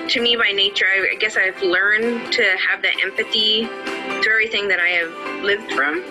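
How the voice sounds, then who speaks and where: This adult student award winner, a middle-aged woman, recounts her own story with heartfelt sincerity and frequent "you know"s. Her medium-pitched voice moves at normal speed, and the poor-quality audio has music running beneath it.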